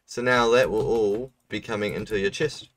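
A man's voice: on the low side, fairly even intonation, moderate pace, fairly bright tone, no room sound, distant mic. A young man streaming a game, casually explaining a build to a viewer and laughing now and then. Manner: laid-back explaining, laughs often. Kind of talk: casual gameplay commentary.

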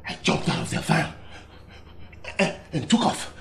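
An actor with a Nigerian accent playing an excitable, demanding young husband who bursts into loud shouts, heard over a film's music score. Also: male voice, a little high, measured pace, creaky, slight background noise. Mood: excited. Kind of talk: film drama acting. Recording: film audio with music score.

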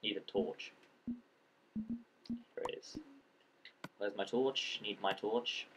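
A man's voice: lowish voice, takes it slowly, fairly bright tone, slight background noise. A man giving casual let's-play commentary, rambling and joking and talking to the creatures in the game as he plays. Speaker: gameplay commentator.

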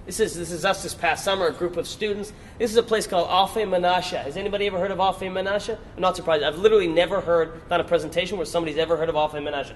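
Male workshop presenter, high voice, persuasive and emphatic, faint hiss behind. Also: steady tone, racing, few pauses. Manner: persuasive, asks the audience rhetorical questions; emphatic repetition. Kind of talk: lecture to a live audience.

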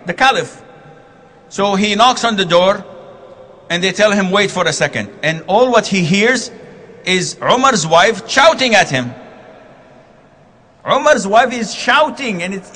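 A man giving a religious lecture, telling stories with quoted dialogue and gentle self-deprecating humor. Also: fairly high pitch, slight background noise. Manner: animated storytelling with quoted dialogue. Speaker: Islamic preacher. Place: lecture hall.

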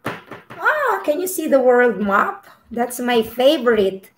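Woman tutor, young, slightly high voice, very slow and patient, echoey room. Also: sing-song. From Philippines. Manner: slow, patient, explains each word and repeats it. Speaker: language tutor. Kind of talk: live-streamed language lesson.

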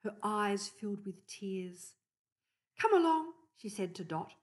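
An older woman reading a picture book aloud, slowly, pausing to point out the pictures. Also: mid-range voice, level tone. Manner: slow, pauses to point out pictures. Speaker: storyteller.

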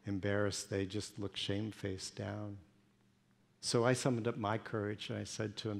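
A male pastor delivering an emotional first-person sermon monologue, moving between hushed storytelling and pleading intensity. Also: fairly low pitch, level tone, normal speed, creaky.

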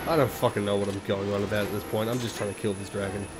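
Low-voiced man rambling over gameplay. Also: steady tone, racing. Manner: swearing, self-deprecating, rambling. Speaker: let's play gamer. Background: video game music.

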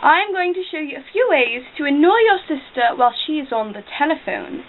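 A woman's voice: high voice, animated, a little fast. A teenage girl hosting a comedy how-to skit in a playful, mocking way, recorded on a lo-fi home camera. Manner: playful, mocking, mimicking her sister. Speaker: video host. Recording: lo-fi home camera audio with loud noise.

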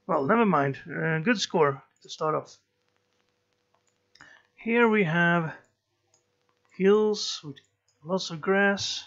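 A man giving slow let's play commentary, musing and thinking aloud as he plays. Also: high voice, a bit bright, muffled recording. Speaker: gameplay commentator.

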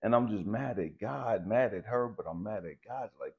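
Man, low deep voice, animated personal storytelling, swears freely, muffled lo-fi sound. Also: moderate pace, creaky, few pauses, slightly rough. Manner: animated, profane, keeps saying "stay with me, I'm going somewhere". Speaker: channel host.

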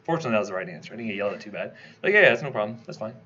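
Guy lecturing fast to a class, asking questions all the way, kinda muffled recording. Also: on the low side, animated, sharp tone, slightly rough. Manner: quick, conversational, asks the class questions. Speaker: toxicology lecturer.

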